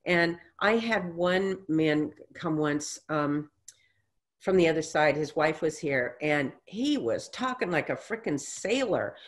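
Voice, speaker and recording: A woman with a fairly low voice speaks as a guest in a relaxed interview. She tells her stories in a lively way and slips into other people's voices as she quotes them. Her tone stays reassuring and teacherly. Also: takes it slowly. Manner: animated storyteller who acts out quotes. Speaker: guest, intuitive reader. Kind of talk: casual interview conversation.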